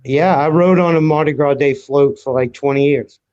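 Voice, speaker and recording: A man's voice: on the high side, moderate pace, darkish tone. Male podcast co-host from Louisiana, folksy casual chat, dull lo-fi recording. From Louisiana, USA.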